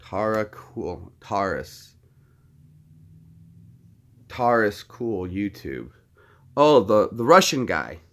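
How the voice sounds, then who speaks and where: Between impressions, a man rambles in a friendly way to his live-stream viewers, talking directly to chat. His low-leaning voice is sing-song and extremely slow, with frequent pauses.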